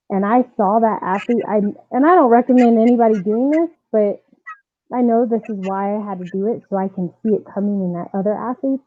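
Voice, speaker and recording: A woman softball coach telling her personal story as a podcast guest, earnest and animated, with frequent fillers. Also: mid-range voice, no room sound. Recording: tinny phone-like dry line.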